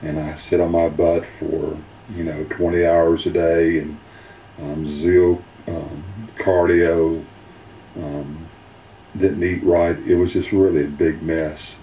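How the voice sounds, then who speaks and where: A man giving an earnest personal testimonial, halting and full of filler ums. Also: deep voice, level tone, a little hiss or hum. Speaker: weight-loss testimonial speaker. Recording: roomy, distant, dull mic.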